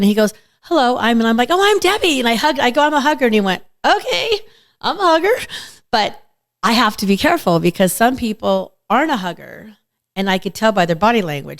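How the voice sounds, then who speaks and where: A woman's voice: mid-range voice, dry recording, clean studio sound. A woman hosting a radio talk show, chatting casually and acting out little stories with quoted voices. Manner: chatty, animated storytelling with acted-out quotes. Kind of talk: casual chat.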